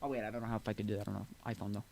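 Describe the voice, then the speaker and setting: A man's voice: fairly low pitch, steady tone, rapid-fire, creaky, darkish tone, rough recording. A man chatting casually while streaming a game, rambling with many restarts and asides.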